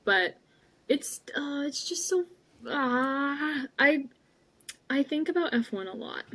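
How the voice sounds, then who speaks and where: A woman's voice: high voice, expressive, takes it slowly, sharp tone, a little hiss or hum. A woman co-hosting a podcast in casual chat, full of "like" fillers, on a video call. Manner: chatty, many "like" fillers. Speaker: podcast co-host.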